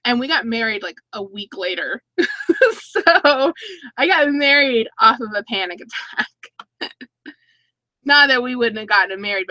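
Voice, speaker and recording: A woman's voice: medium pitch, bright, forceful tone, no echo, low-quality recording. A woman in her thirties hosting a casual live-stream chat, reading viewer comments aloud and laughing between stories. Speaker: YouTube channel host.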